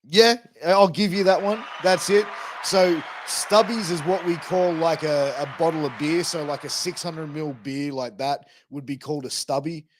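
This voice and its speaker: A man's voice: a little high, fairly even intonation, moderate pace, few pauses, noisy background. An Australian man hosting a podcast interview, laid-back and jokey, with lots of fillers. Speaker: podcast host. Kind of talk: casual interview chat.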